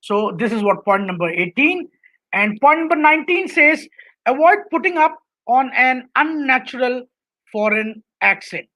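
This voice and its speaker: A woman's voice: sits high, expressive, normal speed, fairly bright tone, rough recording. A woman with an Indian English accent giving a webinar lecture on public speaking, going through numbered points and often checking in with "right?". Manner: instructive, lists numbered points, tags sentences with "right?".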